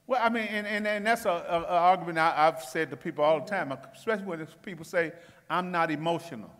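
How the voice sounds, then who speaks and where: A man leading a church Bible study as pastor, talking in a folksy, animated teaching way. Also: sits high, quick pace. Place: church sanctuary. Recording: long church reverb.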